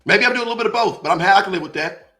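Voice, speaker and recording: A young man who is a podcast guest, telling stories in a blunt, profane, animated way in casual chat. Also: high voice, rapid-fire. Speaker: podcast guest, window tinter.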